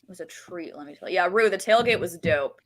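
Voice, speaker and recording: A woman co-hosting a podcast, telling stories in casual chat with excited energy. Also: lowish voice, fast talker. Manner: excited storytelling, frequent laughs, says freaking. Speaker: podcast co-host.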